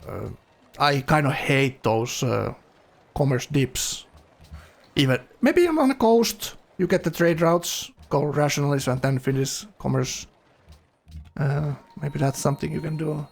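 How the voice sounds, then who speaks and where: Guy doing chill game commentary, raspy gravelly voice, laughs a lot. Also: fairly high pitch, measured pace. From Finland. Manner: chatty, laughs often, many fillers.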